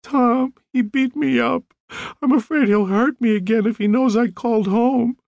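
A man voicing a frightened, weepy young wife, his voice raised high and trembling. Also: normal speed, vocal fry, darkish tone, no echo.

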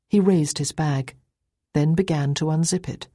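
Woman audiobook narrator, measured first-person storytelling, husky, dry close mic. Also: deep voice, dark tone, no room sound.

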